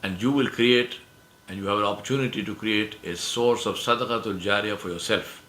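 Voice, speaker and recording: Male lecturer, bright and forceful, emphatic with rhetorical questions, roomy hall sound. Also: fairly low pitch, a little fast, a little hiss or hum. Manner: emphatic, repeats key phrases, asks rhetorical questions. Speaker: speaker giving a presentation. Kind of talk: religious lecture to an audience.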